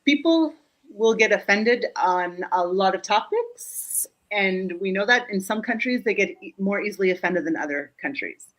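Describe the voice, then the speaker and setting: Brief: woman from Germany, lively joking coach on a video call, mid-pitched voice. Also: poor audio. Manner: animated, joking, quick asides; checks in with frequent "Yeah?". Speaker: guest speaker and humor coach. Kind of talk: live online interview.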